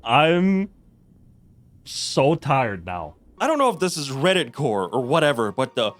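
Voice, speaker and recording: A man's voice: mid-range voice, very animated, unhurried, soft background music. A man giving a sarcastic, profane comedic review of a video game.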